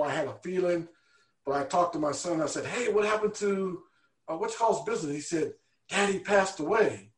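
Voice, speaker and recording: A man with a somewhat high voice recounts his life in an interview, earnest and lively as he acts out what others said to him. The room is echoey around him. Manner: earnest, animated storyteller acting out quoted voices. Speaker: guest. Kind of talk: personal storytelling in an interview.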